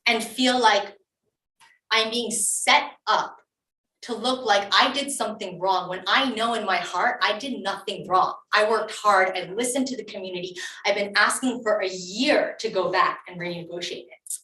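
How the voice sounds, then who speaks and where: Her voice pushed and bright, at medium pitch and a moderate pace, a township committee woman addresses a public meeting emotionally and insistently, often restarting what she says. The setting is a municipal meeting room, recorded on a distant mic with echo.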